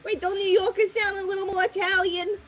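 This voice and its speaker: A woman's voice: extremely high pitch, level tone, quick pace, a bit bright. A woman player in casual tabletop chat, giggly, swearing and mocking herself.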